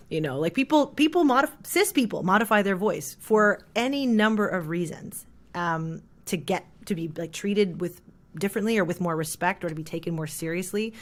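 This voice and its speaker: A trans non-binary voice teacher in an interview, explaining how voices are shaped and demonstrating pitch and resonance shifts. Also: animated, fairly quick.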